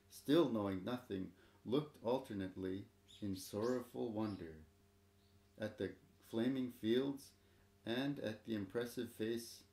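Low, gravelly man reading a story. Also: warm tone, roomy sound. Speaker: narrator.

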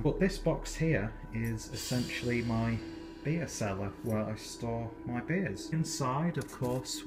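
A young man, chatting casually in a home vlog, rambling, self-mocking and swearing freely. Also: lowish voice. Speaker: beer vlogger. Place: home, indoors and in a basement.

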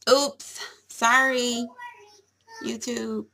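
A woman's voice: medium pitch, expressive, measured pace, gravelly, bright, forceful tone, a little hiss or hum. A young woman chatting casually to camera at home. She is giggly and rambling and fills her talk with little asides. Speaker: vlogger.

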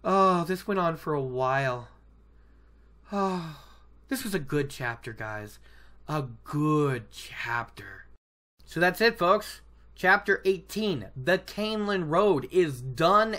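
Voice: mid-range voice, lively intonation, slow, a bit bright. A podcast host retelling a fantasy novel chapter in a casual, enthusiastic, rambling way, laughing often. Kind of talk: casual book-discussion podcast.

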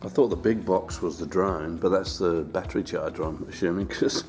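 A man's voice: fairly even intonation, normal speed, over music. A man talking casually through a home vlog, unboxing a drone and chatting as he goes. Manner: chatty, talks to his dog in a high singsong voice. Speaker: vlogger.

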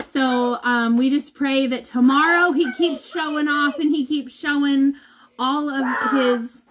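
A woman's voice: sits high, fairly even intonation, a little slow, noisy background. A woman giving a heartfelt, emotional vlog update to her followers from home, as a mother. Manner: heartfelt and emotional, talks of holding back tears. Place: at home indoors.

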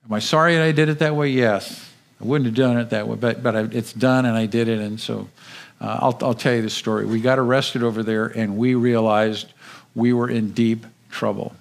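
A man of middle pitch holds the room with a dramatic first-person story, telling it vividly and with animation. He stumbles over and repeats words as he gets caught up in the tale. He speaks as a guest at a church service. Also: gravelly.

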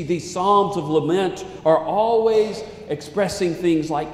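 A male pastor preaching a sermon in a dramatic way, swinging between loud declaiming and hushed asides. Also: high-pitched, slow, few pauses. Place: church sanctuary. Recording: echoey church sanctuary with long reverb.

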